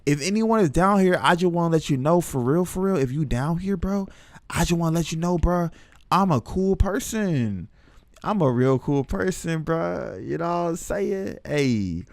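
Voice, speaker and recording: A man's voice: fairly high pitch, expressive, normal speed, no echo. A young man streaming a horror game, chatting nervously to his viewers in casual slang. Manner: chatty, jittery, talks to chat in slang. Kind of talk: live horror game commentary.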